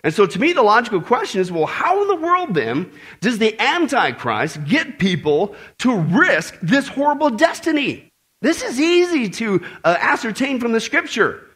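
A man preaching a sermon to a congregation, emphatic and animated, with joking asides and repeated warnings. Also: extremely high pitch, moderate pace.

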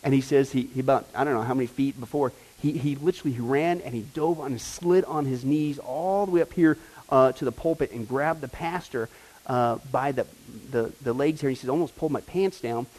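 A man preaching a sermon, telling a story with animated asides and frequent "right?" and "okay?" checks to the congregation. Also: medium pitch, fairly quick, rough recording. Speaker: pastor or Bible teacher. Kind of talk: sermon with anecdote.

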